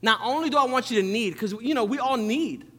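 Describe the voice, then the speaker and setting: High-voiced man preaching in a reverberant church. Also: brisk, a bit bright. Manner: conversational preaching with many restarts and asides. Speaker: pastor. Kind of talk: sermon. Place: church sanctuary. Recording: long reverb of a church hall.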